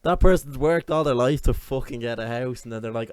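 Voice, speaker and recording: A laid-back man chats on a podcast, backing his friend up in short casual replies. His voice is smooth and clear, sitting at an ordinary mid pitch. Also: steady tone, a little fast. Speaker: podcast co-host. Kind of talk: casual chat.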